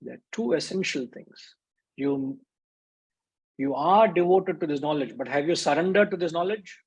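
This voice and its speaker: A man's voice: a little high, animated, normal speed, breathy edge, rough recording. A man giving a conversational spiritual discourse as a teacher, briefly acting out the voices in his stories. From India.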